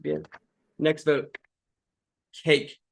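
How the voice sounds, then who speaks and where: A man hosting an online game finale, reading out votes in a steady, measured way with casual fillers. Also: fairly high pitch, vocal fry.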